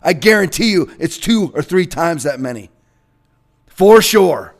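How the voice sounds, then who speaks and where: A man's voice: on the high side, lively intonation, measured pace. A man delivering an emphatic, combative political opinion rant. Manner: combative, emphatic, bursts into shouting. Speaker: political commentator.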